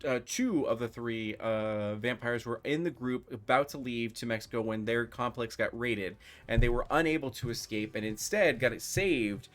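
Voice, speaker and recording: A man's voice: mid-range voice, normal speed, hardly any pauses. A man hosting and narrating a live-streamed tabletop role-playing game as game master, talking loosely with many fillers. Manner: relaxed, filler-heavy talk.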